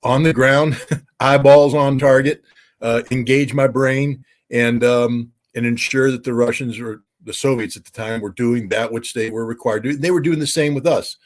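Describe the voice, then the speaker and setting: A man's voice: medium pitch, fairly even intonation, moderate pace. A man who used to be a weapons inspector, talking as an interview guest in an emphatic way, with many uh and um fillers. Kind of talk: casual interview talk.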